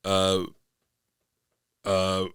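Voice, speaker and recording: A man's voice: low-pitched, completely flat delivery, very slow, fairly bright tone, smooth, no echo, clean studio sound. A middle-aged man from Florida, a comedian guest telling rambling stories in casual podcast chat and acting out quotes in bursts.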